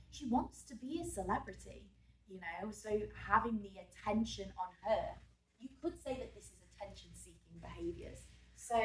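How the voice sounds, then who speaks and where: A woman's voice: medium pitch, distant mic. A woman who teaches drama walks through a revision lesson, chatting and thinking aloud, sometimes stopping to fix a slip. She was recorded in a school room with a roomy echo, and she sits some way back from the mic.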